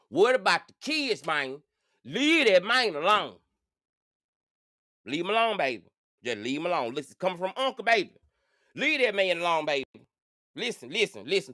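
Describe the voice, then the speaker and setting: Animated sassy man, lively pitch. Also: moderate pace, pauses often, no room sound, studio quality. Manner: animated, sassy, profane, repeats phrases for emphasis. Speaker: channel host. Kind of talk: casual commentary vlog.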